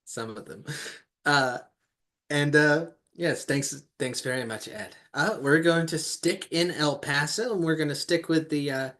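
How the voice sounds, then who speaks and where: A man's voice: fairly high pitch, unhurried, a bit bright. A man hosting an online open mic over a video call, easygoing with many fillers. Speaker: host.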